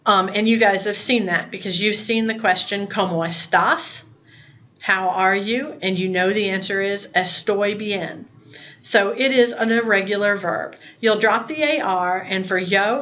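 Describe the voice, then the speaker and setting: A woman's voice: medium pitch, fairly bright tone, dull audio. A woman in her fifties teaching a recorded Spanish lesson, plain-spoken and chatty, with asides. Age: 50s.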